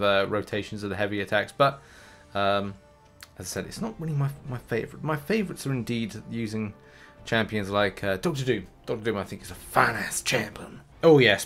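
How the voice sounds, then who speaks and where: A man's voice: fairly low pitch, fairly bright tone. A man chatting through a live gameplay session as a gaming video host, rambling and now and then cheering the game on. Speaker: gaming YouTuber.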